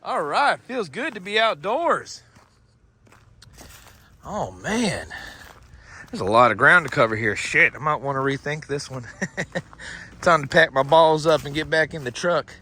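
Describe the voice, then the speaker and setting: A Florida man with a Southern country accent and a fairly high, expressive, pushed and bright voice speaks unhurriedly, pausing often. A paranormal vlogger, he rambles, jokes, and swears a lot while a companion films him on a handheld phone.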